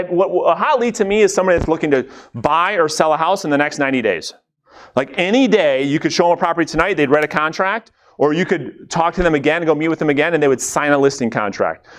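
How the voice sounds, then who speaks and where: A man leading a live coaching session for real estate agents, energetic and conversational, checking in with the room and acting out quick bits of dialogue. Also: on the high side. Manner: acts out quick quoted dialogue.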